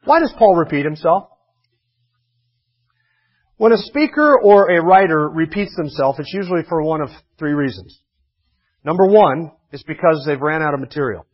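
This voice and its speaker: A man's voice: a little high, lively intonation, moderate pace, long pauses, lo-fi sound. A man preaching a sermon as a pastor, in a conversational way with dry humor and emphatic repetition.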